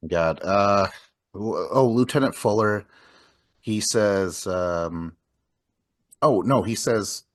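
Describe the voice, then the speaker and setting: A man's voice: fairly low pitch, takes it slowly, pauses often. A man talking casually through a film's scenes, rambling with many filler words as he recaps the plot. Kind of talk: casual film discussion.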